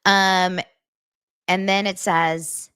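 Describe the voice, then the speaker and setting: A woman in her thirties hosting a casual livestream, chatty and animated as she reacts to chat comments. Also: medium pitch, drawn-out words, smooth, dry recording, studio quality. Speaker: livestream host.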